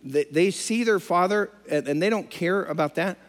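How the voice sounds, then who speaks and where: Male pastor, higher voice, preaches with dramatic character voices in a reverberant hall. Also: normal speed. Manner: dramatic, acts out the characters in the story. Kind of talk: sermon.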